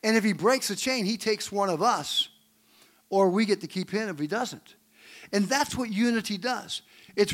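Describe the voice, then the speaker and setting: A man's voice: high-pitched, moderate pace. A male pastor preaching a sermon, telling stories and asking the congregation questions. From Great Lakes region of the US. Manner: animated storytelling preacher, asks the congregation questions. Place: church.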